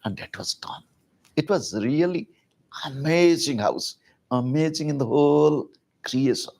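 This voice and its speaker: A man giving a public spiritual talk, telling a story in an animated, conversational way with casual asides. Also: on the high side, measured pace, gravelly. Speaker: spiritual teacher.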